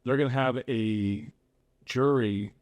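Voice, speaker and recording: Speaking slowly in a mid-range, slightly mellow voice, a man hosts a podcast of casual political conversation. He comes across as earnest and opinionated, and he turns to Spanish to conduct interviews.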